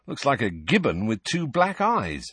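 A man's voice: medium pitch, wildly swooping pitch, unhurried, fairly bright tone, breathy edge, dry recording, pitched above the performer's own voice, exaggerated voice. A man reading an audiobook and voicing a mischievous teenage wizard twin, wry and joking. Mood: teasing. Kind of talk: audiobook character voice.

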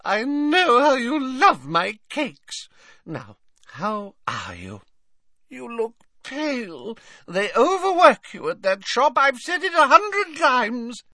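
A man's voice: very high-pitched, huge pitch swings, slow, bright, forceful tone, dry recording, studio quality, voice pushed up, heavily acted. Man putting on a simpering old rich lady. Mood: coy gushing. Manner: simpering, coy, gushing.

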